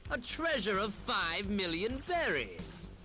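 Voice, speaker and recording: A scheming pirate captain from a fighting game, smooth and condescending, sure every plan will work. The voice sits a little high and moves in lively curves, with game music behind. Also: male voice, takes it slowly, heavily acted. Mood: smug. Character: scheming, smug male pirate captain with claws. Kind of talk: English-dubbed fighting game voice acting.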